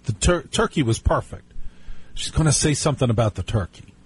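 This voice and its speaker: A man with a husky, slightly breathy voice hosts a live call-in radio show from the studio. He talks in a chatty, storytelling way, drifting into wry asides to his listeners and repeating the call-in number. His pitch sits in an ordinary middle range for a man. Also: animated, a little fast, a little mellow. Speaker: radio talk show host.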